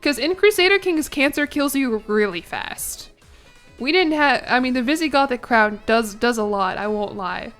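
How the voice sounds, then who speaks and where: Woman streamer w a kinda high voice just chatting w chat while she plays, giggly asides, faint music under it. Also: expressive, normal speed, a bit bright. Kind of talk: casual live game stream chat.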